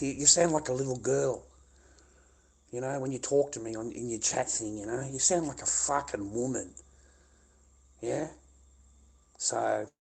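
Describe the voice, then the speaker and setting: Confrontational Australian man, mellow voice. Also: mid-range voice, gravelly, husky. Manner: confrontational, profane, repetitive. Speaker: livestreamer. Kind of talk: angry livestream rant.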